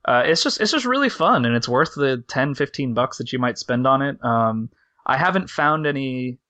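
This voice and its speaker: A man's voice: mid-range voice, animated, moderate pace, pushed and bright, no echo. A man co-hosting a podcast, talking in a rambling casual way with lots of fillers. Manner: rambling, filler-heavy, laughs easily. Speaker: podcast co-host. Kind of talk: casual chat.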